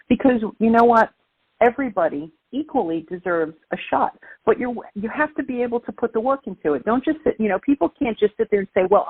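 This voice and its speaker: She's a Brooklyn, New York native with a Brooklyn accent and a slightly high, husky voice, calling into an interview as a guest. Her words are emphatic and motivational, carried by a dry, tinny phone line with no room sound.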